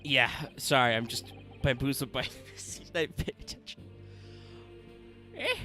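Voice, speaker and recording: A man's voice: mid-range voice, unhurried, pauses often, faint music behind. A man co-hosting a let's play stream, joking and commenting casually while reading game text. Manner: animated, joking, reads lines aloud.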